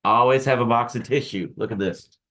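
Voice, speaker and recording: A middle-aged man teaching acupuncture students in a casual, joking lecture with lively asides to the viewer. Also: mid-range voice, a little fast. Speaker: acupuncture instructor.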